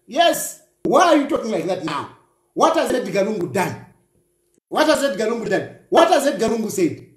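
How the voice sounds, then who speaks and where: A man's voice: high-pitched, sing-song, normal speed, echoey room. A man giving reaction commentary on a news clip, mocking and firing repeated rhetorical questions. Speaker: political commentator.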